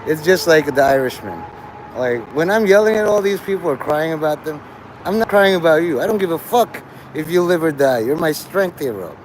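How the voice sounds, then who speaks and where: A man's voice: on the high side, lively intonation, fairly quick, slight background noise, poor audio. A man hosting a livestream, talking to his chat in a crude, rambling way and laughing at his own jokes. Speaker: livestream host.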